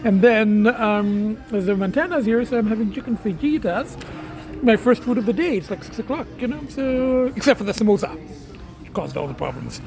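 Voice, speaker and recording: A man's voice: high-pitched, lively intonation, moderate pace, gravelly, a little mellow, soft background music. Rambling middle-aged man vlogging. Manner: rambling, hesitant, full of you-knows and restarts; blunt and swearing when annoyed. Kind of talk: casual vlog talk to camera. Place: car, restaurants and shops.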